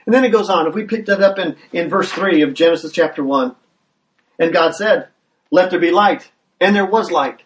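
A man preaching a sermon in a fairly high voice, earnest and plain, often stumbling over the first words of a phrase. He builds momentum with repeated questions to the listeners. The mic sits some way off from him. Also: normal speed, recorded from a distance, poor audio. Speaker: pastor.

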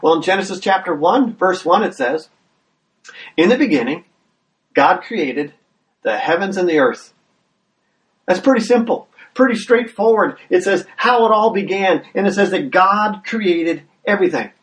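A man's voice: high voice, lively intonation, moderate pace, far from the mic, low-quality recording. A man preaching a sermon as a pastor, earnest and often repeating the first words of a phrase, building energy with questions.

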